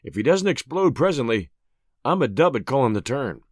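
A man reading an audiobook voices a shrewd veteran pitcher in a plain, matter-of-fact way. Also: very animated, a little fast, no room sound, studio quality. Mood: knowing. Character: shrewd veteran male pitcher, calm judge.

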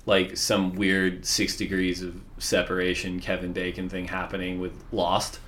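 Middle-aged socal surf guy, low voice, lots of likes and restarts, just chatting. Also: monotone, unhurried, fairly bright tone. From Southern California. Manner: rambling, many fillers and restarts. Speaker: surf league executive, guest. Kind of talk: casual podcast chat.

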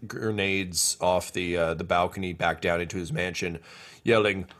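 A man runs a tabletop game, narrating in a loose, rambling way with lots of filler words. His voice is bright and forceful. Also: low voice, steady tone, moderate pace. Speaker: game master.

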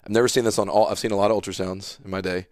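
A man's voice: lowish voice, very fast, dry recording, studio quality. A man in his thirties, a pastor and podcast guest, earnestly telling a personal story and acting out the dialogue. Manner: earnest, animated storyteller who retells dialogue. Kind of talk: casual storytelling conversation.

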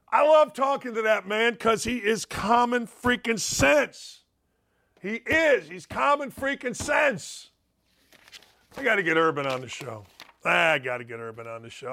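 A man hosting a sports talk show, fired up and enthusiastic, talking loudly and making sarcastic asides. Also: very high-pitched. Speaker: show host.

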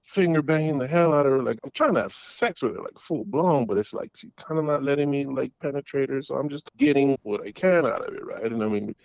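A middle-aged man calling in to a talk show, telling a story in a rambling, halting way full of restarts and fillers. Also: medium pitch, animated, gravelly, no room sound, dull audio. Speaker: caller. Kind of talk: casual storytelling. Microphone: phone call.

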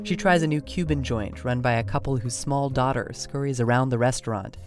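A man narrates his podcast in a measured, descriptive way. His pitch sits in the middle of the range. Each line is carefully scripted. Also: soft background music.

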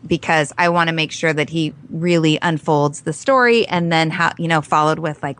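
A woman's voice: low voice, normal speed, fairly bright tone. A woman parent coach talking earnestly in a podcast interview, telling stories with acted-out quotes.

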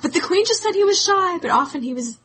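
A woman co-hosting a podcast, telling history in a lively chat with quick asides. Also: very high-pitched, rough recording. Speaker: podcast co-host.

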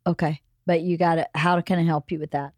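A woman's voice: on the low side, flat delivery, moderate pace, darkish tone, no echo, studio quality. A woman in her fifties hosting a podcast, chatting casually and motherly with her daughters. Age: 50s. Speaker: podcast host. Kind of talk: casual family chat.

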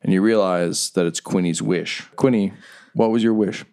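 A man narrates a tabletop game as its game master, in a deep voice with a gravelly edge. He tells the story vividly and dramatically. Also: fairly even intonation, moderate pace, a little mellow.

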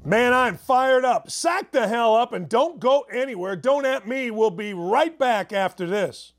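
A man hosting a sports talk show, ranting sarcastically and mocking with loud outbursts. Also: extremely high pitch, expressive, measured pace.

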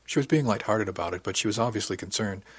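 A man narrating a novel in the first person, calm and even. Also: lowish voice, fast talker, breathy edge. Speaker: audiobook narrator.

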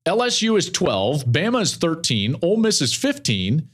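A middle-aged man hosting a sports opinion show, breaking down college football with emphatic, animated delivery and repeated phrases for effect. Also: a little high, normal speed.

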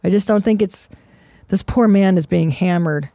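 Speaking at a normal speed in a warm, mid-range voice, a middle-aged woman hosts a casual podcast full of blunt, sarcastic, heavily profane ranting. The studio sound is clean, with no echo.

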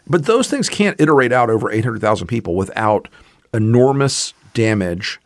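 A man from the American South co-hosting a political discussion, measured and earnest, with many "you know" fillers. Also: mid-range voice, big pitch swings, no room sound, clean studio sound. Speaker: podcast co-host.

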